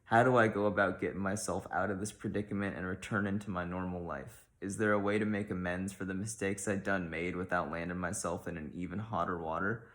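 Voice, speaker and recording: A homespun Midwestern woman zookeeper pleads for help in folksy, drawn-out phrasing, as a man reads her letter aloud. The voice stays low and deep, and the reading is dry and deadpan.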